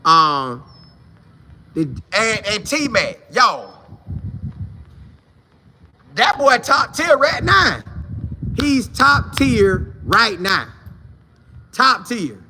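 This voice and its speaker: A man hosting a sports talk show, chatting casually and answering viewer comments in a slangy, repetitive, animated way. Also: high voice, very slow, long pauses, a little hiss or hum.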